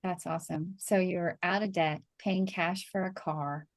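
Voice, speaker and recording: A woman's voice: lowish voice, fairly even intonation, unhurried, no room sound, studio quality. A woman hosting a podcast, interviewing her guest with eager, affirming comments. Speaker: podcast host. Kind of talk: interviewing, encouraging chat.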